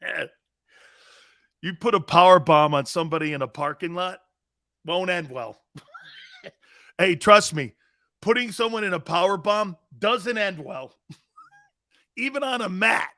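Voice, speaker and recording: Middle-aged male sports show host: animated, unhurried, laughs often, swinging pitch. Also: no echo, clean studio sound. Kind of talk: casual sports talk.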